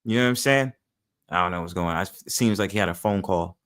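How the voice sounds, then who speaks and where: A man's voice: low-pitched, fast talker, a bit bright. A man hosting a livestream, talking in a blunt, opinionated way and swearing freely. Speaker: livestream host. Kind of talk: casual livestream talk.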